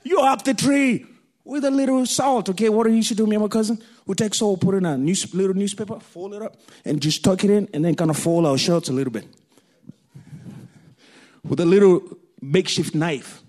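A man from Kenya, preaching a sermon through animated, jokey personal stories. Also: sits high, fairly quick. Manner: animated, jokey storytelling, laughs often.

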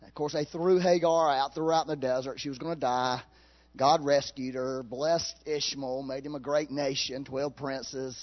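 A man preaching a sermon in a folksy, animated way, laughing at his own jokes. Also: medium pitch, normal speed, highs cut off.

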